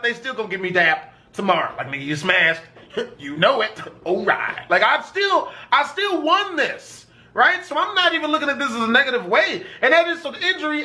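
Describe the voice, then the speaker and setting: A young man with a very high speaking voice tells a story from his own life in a loose, rambling way. He swears constantly and gets animated, sometimes jumping into excited shouts. His tone stays bright and forceful. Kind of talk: casual storytime monologue.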